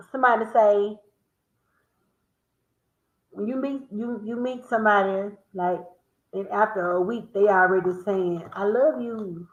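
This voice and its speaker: A woman with a Southern American accent hosting a playful word game with friends, teasing and laughing often as she drags out her words. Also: fairly high pitch. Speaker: host. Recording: echoey room, dull lo-fi sound.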